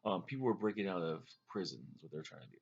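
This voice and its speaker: A man's voice: low-pitched, very animated, racing, vocal fry, slightly rough, highs cut off. A man telling a long, rambling story to camera in a casual way, with fillers and restarts. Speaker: vlogger recounting a dream.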